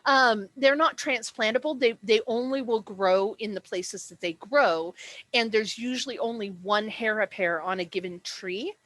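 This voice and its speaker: A woman's voice: medium pitch, moderate pace, fairly bright tone, dry recording. A woman acting as game master, explaining dice rules and describing the setting in a chatty way, with many fillers and self-corrections.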